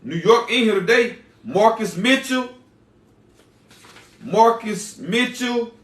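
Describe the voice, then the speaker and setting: A man's voice: sits high, lively intonation, slow, fairly bright tone, roomy sound, far from the mic. A man chatting casually on a livestream, reading out viewer names and repeating himself in loose slang.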